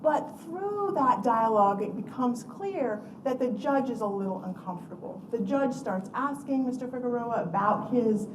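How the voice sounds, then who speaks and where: A woman's voice: a little high, animated, moderate pace, hardly any pauses. A woman law professor giving a panel talk, telling a story in an earnest lecture style. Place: lecture room. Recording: echoey room from far off with background noise.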